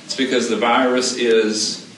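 Animated male preacher in an echoey hall. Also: medium pitch, measured pace. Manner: animated, asks the congregation questions and repeats key phrases. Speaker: pastor. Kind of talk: conversational sermon. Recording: echoey room, distant mic, background noise.

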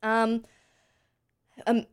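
A woman in her twenties, a voice teacher from Pennsylvania, chatting as an interview guest and telling animated stories full of fillers. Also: on the high side, extremely slow, clean tone. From Pennsylvania, USA. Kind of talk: casual interview chat.

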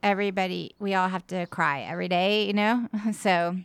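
A woman's voice: on the low side, moderate pace, smooth, no echo. A woman chatting as a guest on a comedy podcast over a video call, musing aloud and laughing easily. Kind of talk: casual comedic chat.

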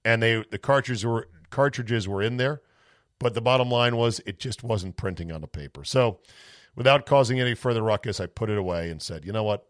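A man's voice: medium pitch, lively intonation, moderate pace, no echo. A man hosting a sports talk podcast, telling a rambling story in a casual monologue and acting out his family's voices. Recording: dry close-mic home office.

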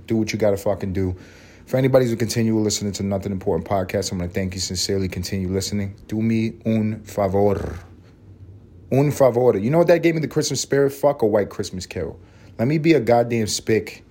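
A man talks alone into his podcast mic from home, his voice sitting a little low. He rambles from one thought to the next in crude, swear-heavy jokes, then swings into a mock sincere sign-off. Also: fast talker, warm tone, husky. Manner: crude, profane, joking rants. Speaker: podcast host. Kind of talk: rambling solo podcast monologue.

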